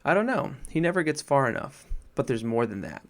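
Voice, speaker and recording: A man's voice: mid-range voice, sing-song, brisk. A man voicing a miserable, wound-up young boy in a storybook reading, close to his own voice. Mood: secretive.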